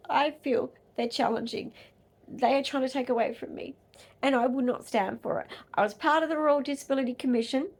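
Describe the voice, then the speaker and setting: An Australian woman vlogger and advocate in an angry rant, swearing hard and swinging between loud outbursts and low muttering. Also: fairly quick.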